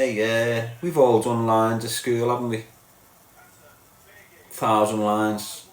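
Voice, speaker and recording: Scouse man, middle-aged, mid-pitched voice, live-stream host, blunt and mocking, swears a lot, echoey room. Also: level tone, takes it slowly, pauses often. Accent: Liverpool (Scouse). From Liverpool, England. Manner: blunt, sweary, mocking, tags lines with "lad" and "mate". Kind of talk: ranting live-stream chat with viewers. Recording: roomy echo.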